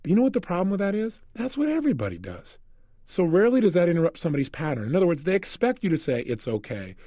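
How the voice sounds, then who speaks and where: Male motivational speaker, quick and lively, acts out his stories. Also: high-pitched, no echo, studio quality. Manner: animated storyteller, acts out scenes. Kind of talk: motivational seminar talk.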